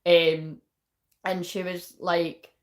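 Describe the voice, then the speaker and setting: A woman's voice: fairly low pitch, level tone, extremely slow. A young woman giving a casual spiritual reading, rambling and swearing often. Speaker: spiritual reader and shaman.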